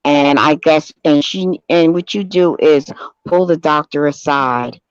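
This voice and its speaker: A woman co-host giving calm, reassuring advice in a casual chat. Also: sits low, measured pace, smooth, no echo. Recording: dull, lo-fi sound.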